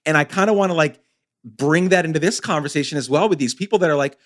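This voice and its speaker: Fast and a little high, with a fairly bright tone, this man's voice carries a casual podcast conversation he hosts. Urgent and passionate, he hammers his arguments with strong emphasis.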